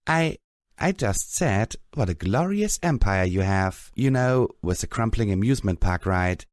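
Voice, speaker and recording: A man's voice: mid-range voice, very animated, unhurried, gravelly, dry recording, clean studio sound, voice pushed up, exaggerated voice. A man voicing a small, plucky young female unicorn pony in an audiobook, speaking in a strained, pleading voice. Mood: stammering. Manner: strained, pleading, half-whispered.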